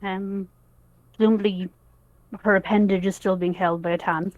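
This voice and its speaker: A woman's voice: mid-range voice, steady tone, normal speed, no room sound, highs cut off. A woman playing a tabletop game, describing her character's actions hesitantly. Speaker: player. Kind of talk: tabletop role-play narration.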